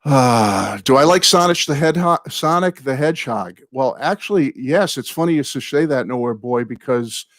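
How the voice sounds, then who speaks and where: A man's voice: mid-range voice, expressive, normal speed, few pauses, no room sound. Rambling older man chatting with viewers. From United States. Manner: apologetic, warm toward viewers. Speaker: host. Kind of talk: live chat with viewers.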